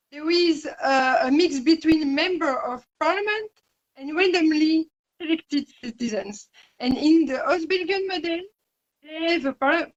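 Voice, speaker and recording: A woman's voice: high-pitched, lo-fi sound. A woman with a French accent whose first language is French, giving a hesitant, carefully phrased presentation full of fillers over a video call. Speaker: speaker, parliament president.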